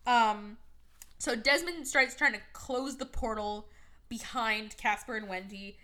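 A young woman hosting a podcast, casually recapping a movie with sarcasm, lots of fillers and quick quoted voices. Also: fairly high pitch, bright, forceful tone. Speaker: podcast host.

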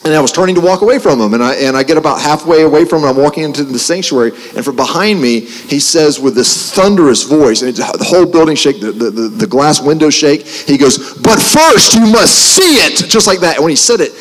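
A man preaching, telling a personal testimony in an animated way, with restarts and joking asides. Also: a little high, quick pace, hardly any pauses. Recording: long hall reverb.

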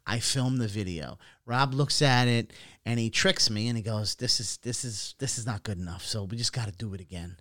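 A man's voice: on the low side, normal speed, fairly bright tone, no echo. Dry-sounding man telling a story hesitantly. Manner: hesitant storytelling full of fillers and restarts. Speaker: podcast co-host. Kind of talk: casual chat.

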